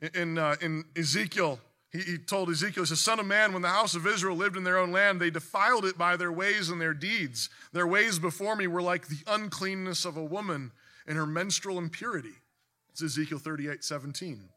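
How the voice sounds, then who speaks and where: A man delivers a sermon with a very bright, ringing tone. His voice sits high for a man, and he preaches earnestly, surging into emphatic bursts and often restarting mid-sentence. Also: brisk.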